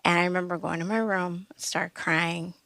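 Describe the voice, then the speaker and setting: A woman's voice: fairly low pitch, fairly even intonation, normal speed, gravelly, sharp tone, dry recording. A woman, a guest on a podcast, tells a personal story in a conversational way, acting out quoted voices and laughing often.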